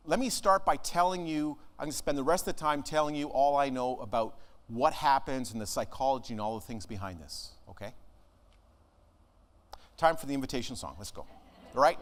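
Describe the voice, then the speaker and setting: Earnest preacher man, higher voice. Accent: American. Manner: earnest, dropping to a hush on emotional lines. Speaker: minister. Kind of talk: conversational sermon. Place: church sanctuary.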